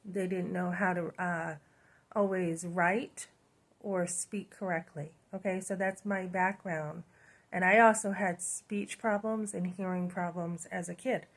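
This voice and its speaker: A woman's voice: fairly low pitch, fairly even intonation, unhurried. Chatty woman. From New Hampshire, USA. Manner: chatty, frequent "um" and "you know", rambling. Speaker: channel host. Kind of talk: casual storytelling monologue.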